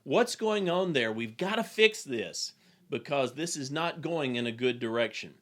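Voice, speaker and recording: A man voicing a demanding older male army general while retelling a film scene, speaking in a forceful, raised voice. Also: medium pitch, expressive, measured pace. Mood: urgent.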